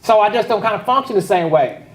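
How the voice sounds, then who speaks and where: A man's voice: sits high, animated, fast talker, distant mic. A man preaching a conversational sermon as pastor, speaking casually and making joking asides to the congregation. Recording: echoey hall, voice picked up from afar.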